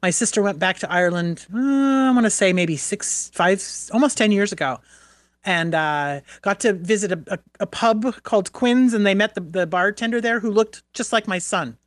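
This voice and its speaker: A woman's voice: mid-range voice, moderate pace, no echo. Chatty woman radio co-host. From New Hampshire. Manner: chatty, laughs easily, wanders between topics. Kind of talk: casual on-air chat.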